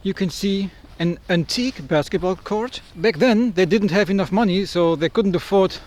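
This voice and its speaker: A man's voice: sits high, normal speed, a little mellow. A young man from Germany chatting casually as a travel vlogger while walking around, joking and exclaiming at what he sees. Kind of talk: casual walking vlog narration. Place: outdoors in a city park. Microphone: action camera mic.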